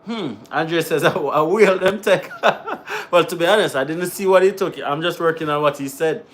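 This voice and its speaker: A man with a slightly raised pitch hosts a casual live stream from home. He reads viewer comments aloud, chuckles often and drifts in and out of patois in an easygoing chatty manner. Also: normal speed. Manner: chatty and laughing, slipping into patois.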